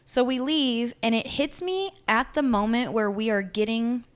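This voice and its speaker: A podcast co-host with a slightly high, smooth voice and a somewhat slow pace chats casually. She's an animated storyteller who acts out quotes and swears freely.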